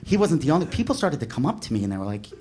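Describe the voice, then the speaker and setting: A male stand-up comedian telling a story with animated delivery, acting out shouting characters. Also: on the high side, rapid-fire.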